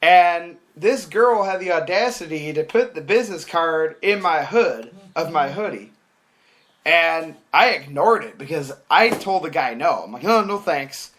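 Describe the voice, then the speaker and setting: Animated young man telling a story. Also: a little high. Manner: animated, acts out quoted voices, swears casually. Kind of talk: casual podcast storytelling.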